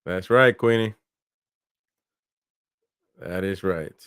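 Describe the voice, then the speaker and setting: Smooth casual watchalong host, man. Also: low voice, drawn-out words, a bit bright, no room sound, studio quality. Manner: casual play-by-play, talks to viewers, laughs often. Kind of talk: live match commentary and chat reading.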